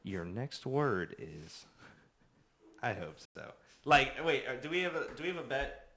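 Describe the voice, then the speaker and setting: A man's voice: medium pitch, sing-song, measured pace, bright, forceful tone, a little hiss or hum. A man co-hosting a casual podcast, reading out quiz words and teasing the player. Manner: teasing, laughing. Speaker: podcast co-host, quizmaster.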